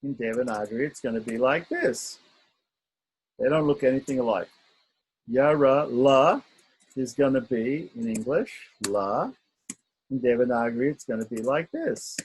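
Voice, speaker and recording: A man's voice: mid-range voice, moderate pace, pauses often, a little mellow, slight background noise, rough recording. A man teaching an online script lesson, patiently sounding out letters and often checking in with his students.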